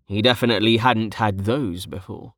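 A man narrating a fantasy story in a steady, scripted storytelling manner. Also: lowish voice, normal speed, dry recording, studio quality. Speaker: audiobook narrator.

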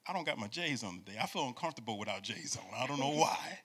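A man in his forties preaching a conversational sermon as pastor, animated and repetitive, sliding into sing-song phrases and calling for responses from the congregation. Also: medium pitch, fast, breathy edge. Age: 40s.

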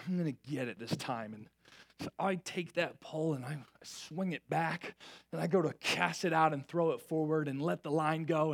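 A young adult man preaching a sermon, telling a self-mocking story with lively, animated delivery before reading scripture. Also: fairly high pitch. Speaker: pastor.

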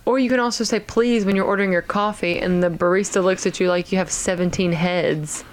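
A woman with a Southern American accent co-hosting a casual podcast chat, playful and quick to laugh. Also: medium pitch, steady tone. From Southern United States. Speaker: podcast co-host.

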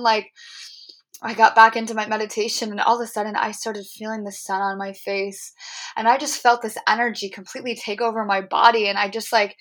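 A young woman talks through a deeply personal spiritual experience on her podcast. Her telling is earnest and heartfelt, full of fillers and little restarts as she reaches for the words. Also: fairly bright tone. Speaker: podcast host.

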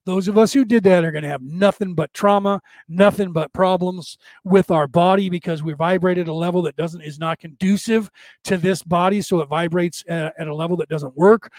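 A man with a fairly high voice hosts a loose spiritual talk, speaking right into a desk microphone. The sound is dry and close, with no room around it. He circles back on his words and sometimes sinks to a near whisper for an aside. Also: steady tone, a little fast, dry recording. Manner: conversational, repeats and restarts, drops to a hush for asides. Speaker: spiritual podcast host. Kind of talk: casual spiritual talk to a live chat.

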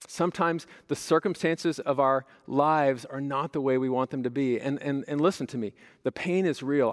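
A man preaching a sermon as pastor, talking to his congregation in a conversational way, with rhetorical questions and personal stories. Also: on the high side. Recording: long reverb of a large hall.

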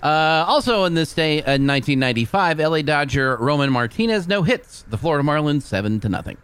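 On the high side, brisk, clear and resonant, a man's voice carries casual sports radio banter as he reads the day's events. He teases his co-hosts in an animated way and laughs frequently.

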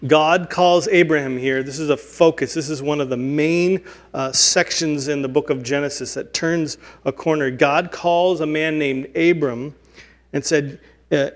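A man's voice: fairly high pitch, fairly even intonation, measured pace. A man in his forties, a pastor giving an earnest, conversational, self-deprecating sermon in a church. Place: church sanctuary.

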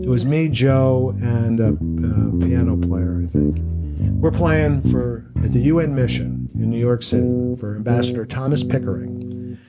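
Man, podcast co-host, middle pitch, rambling storyteller, loud guitar music behind. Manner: rambling, self-correcting storyteller. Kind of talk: casual podcast chat and storytelling.

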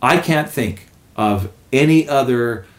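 Male podcast co-host, animated, acts out quotes while telling stories. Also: medium pitch, takes it slowly, echoey room. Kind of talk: casual podcast conversation.

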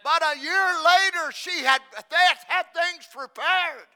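High, bright-voiced man preaching a sermon. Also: a little slow, creaky. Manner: swings from shouting to hushed near-whispers; repeats lines for emphasis.

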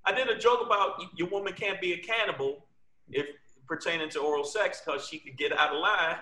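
A man's voice: high-pitched, a little fast, sharp tone. A man from New York, a guest comedian, telling blunt, profane stories in casual chat. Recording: echoey room.

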